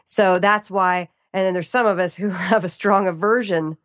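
A woman voiceover artist chatting as a podcast guest, animated and playful with quick asides. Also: lowish voice, no echo, clean studio sound. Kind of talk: casual chat.

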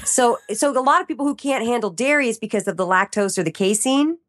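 Her voice sits a little high and she talks quickly. As a podcast guest in a relaxed interview, she stays lively, often laughing as she mimics how she reacted.

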